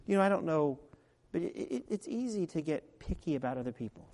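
A man preaching a sermon as pastor, talking in a conversational way that drops to quiet asides and rises to loud, emphatic peaks. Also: on the high side, big pitch swings, a little fast. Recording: long reverb of a large hall.

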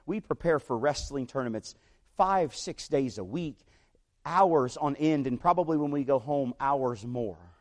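A man's voice: mid-range voice, measured pace. A man preaching a sermon, telling a story in a conversational way and checking in with the congregation. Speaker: pastor.

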